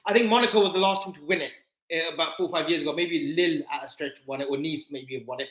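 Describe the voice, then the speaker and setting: Male football debater, high, fast voice, needling, echoey room. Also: fairly bright tone. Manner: fast, needling, demands answers, repeats short phrases. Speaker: podcast panelist.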